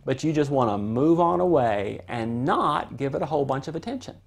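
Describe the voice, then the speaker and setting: Calm, conversational parenting instructor. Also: medium pitch, a little fast, gravelly. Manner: calm, conversational, explains with everyday examples. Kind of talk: instructional talk to camera.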